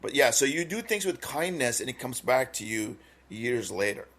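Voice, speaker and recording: A man who grew up in Minnesota, co-hosting a podcast and telling a personal story in an earnest, halting way with many fillers. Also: mid-range voice, big pitch swings, a bit bright. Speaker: podcast co-host. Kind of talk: casual podcast chat.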